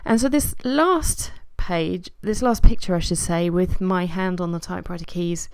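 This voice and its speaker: Woman, craft vlogger, relaxed self-deprecating narration, dry close sound. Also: fairly low pitch, moderate pace, clear, resonant tone, dry recording. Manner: chatty and self-deprecating, with soft laughs and trailing fillers. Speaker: scrapbooking vlogger. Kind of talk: casual voice-over narration of a craft process.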